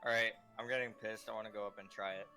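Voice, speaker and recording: A man's voice: fairly low pitch, flat delivery, fast talker, sharp tone, smooth, soft background music. A man playing in a casual tabletop game, blunt and swearing often. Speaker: player.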